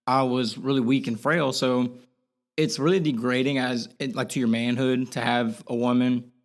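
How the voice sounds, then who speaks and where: A man's voice: mid-range voice, fairly even intonation, normal speed. A young man as a podcast guest, talking earnestly and rambling in a candid interview, with lots of fillers and restarts.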